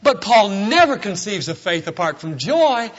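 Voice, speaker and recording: A middle-aged man preaching with a high, lively voice that jumps around in pitch. He is emphatic, stressing and drawing out key words as he works through his point. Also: moderate pace. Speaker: pastor. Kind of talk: sermon.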